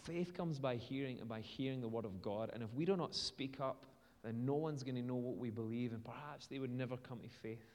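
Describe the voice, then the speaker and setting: A man's voice: medium pitch, brisk, darkish tone. A man with a British accent preaching a sermon in a church, in a conversational, storytelling way with casual fillers. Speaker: pastor. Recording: long reverb from a large hall.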